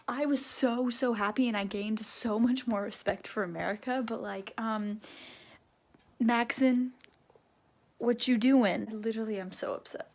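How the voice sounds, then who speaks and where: A woman's voice: on the high side, a little slow. A young woman vlogging her reactions to a book series, talking dramatically and gushing or ranting in casual chat. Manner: animated and dramatic, gushing and ranting about characters. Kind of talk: casual reading-reaction vlog.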